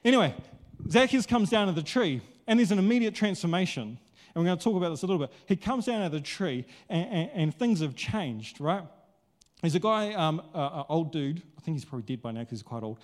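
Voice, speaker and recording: A male pastor preaching a sermon in a casual, conversational, animated way, acting out quotes. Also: on the high side, fairly quick.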